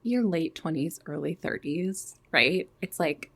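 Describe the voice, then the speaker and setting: A woman's voice: low-pitched, lively intonation, a little slow, creaky, slightly rough. A woman co-hosting a podcast in casual chat, laid-back and rambling with lots of fillers. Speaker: podcast co-host.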